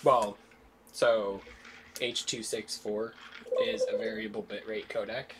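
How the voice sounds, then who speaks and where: A man's voice: lowish voice, level tone, slow pace. A man chatting casually off camera at home, explaining technical details in an offhand way. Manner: offhand, explains tech plainly. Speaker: host's husband. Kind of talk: casual chat. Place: home room. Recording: off-camera voice with clear background noise.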